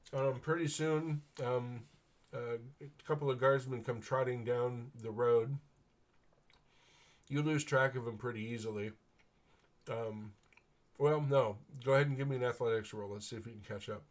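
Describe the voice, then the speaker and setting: A man running a tabletop game as game master, narrating scenes and calling for rolls in a relaxed, hesitant way with frequent fillers. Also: medium pitch, a little slow, pauses often.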